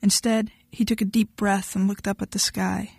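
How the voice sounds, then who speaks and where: A woman narrates an audiobook in a steady, even storytelling voice at a middle pitch. The recording is dry and close, with no room echo at all. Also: moderate pace, gravelly, husky.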